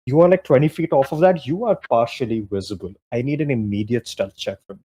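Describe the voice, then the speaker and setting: A man's voice: mid-range voice, quick pace, dark tone, breathy edge. A young man narrating as game master in a tabletop game, casual and full of fillers, often laughing.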